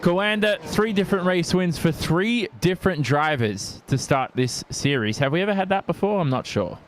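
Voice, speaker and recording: A man chatting as a co-commentator after a sim race, easily impressed and relaxed. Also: high-pitched, moderate pace, slight background noise. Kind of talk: casual race commentary banter.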